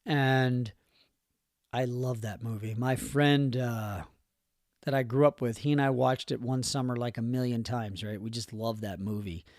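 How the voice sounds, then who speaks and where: A man's voice: mid-range voice, steady tone, unhurried, darkish tone, dry recording, studio quality. Earnest middle-aged man hosting a motivational podcast. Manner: earnest, conversational, rambling with many fillers. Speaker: podcast host.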